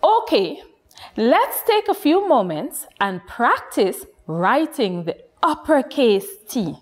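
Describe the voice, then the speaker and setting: A woman from Guyana teaching a nursery phonics lesson, speaking slowly and encouragingly to young children. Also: a little high, very animated. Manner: slow, lilting, encouraging teacher voice addressing children.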